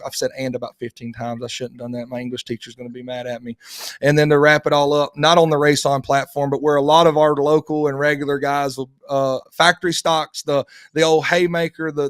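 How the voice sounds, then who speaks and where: Fast-talking, smooth-voiced podcast co-host man. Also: mid-range voice, fairly bright tone, dry recording, studio quality. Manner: rambling, with frequent restarts. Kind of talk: casual podcast chat.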